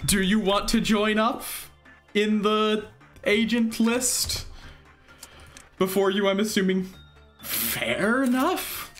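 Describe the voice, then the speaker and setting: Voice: mid-range voice, flat delivery, slow, pauses often, fairly bright tone, faint music behind. A streamer doing casual gameplay commentary and talking with viewers, laughing often and trailing off mid-sentence.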